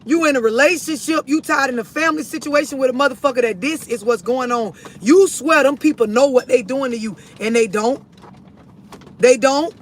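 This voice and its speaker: A man's voice: extremely high pitch, moderate pace, slight background noise. A man hosting a livestream, delivering a blunt, profane, preachy rant straight at his viewers on a phone from inside a vehicle. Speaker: livestream host. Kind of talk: ranting livestream monologue.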